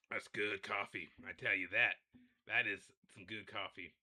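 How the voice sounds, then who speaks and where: Bright-voiced man ranting on a livestream. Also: lowish voice, fairly even intonation, moderate pace. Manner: ranting, repetitive, addresses audience directly. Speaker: livestream host. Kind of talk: rambling livestream rant.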